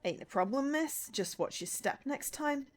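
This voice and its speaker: A woman's voice: high voice, animated, normal speed, voice pushed up. A woman voicing a curt young male student with a put-on Cockney accent, in a game read-through.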